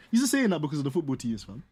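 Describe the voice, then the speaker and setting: Animated young London man, sim racer. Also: fairly high pitch, quick pace, crowd noise. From North London. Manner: laughing, slangy, teasing. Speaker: sim racing streamer. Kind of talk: casual banter while gaming.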